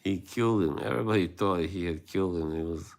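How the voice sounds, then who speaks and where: A man's voice: sits low, quick pace, creaky. A man hosting a livestream, rambling in casual chat with his viewers and laughing often. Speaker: livestream host.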